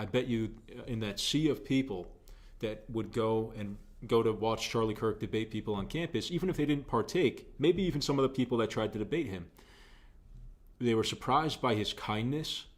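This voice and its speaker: A young man with a somewhat low voice talks through his political views as a show host. His delivery is earnest and conversational, and he leans on repeated phrases to drive points home. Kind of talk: opinion commentary.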